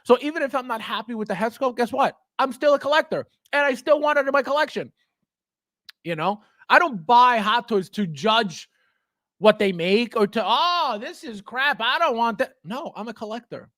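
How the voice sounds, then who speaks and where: Excitable male livestream host. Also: very high voice, moderate pace, dry recording, clean studio sound. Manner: excitable, laughs often, talks straight to chat. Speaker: livestream host and toy collector. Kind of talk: casual livestream chat reading viewer comments.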